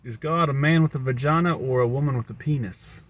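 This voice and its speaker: A man's voice: mid-range voice, a little fast. A man with a Southern American accent, musing aloud in a rambling monologue to camera, often repeating and restarting words. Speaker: vlogger. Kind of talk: rambling stream-of-consciousness monologue.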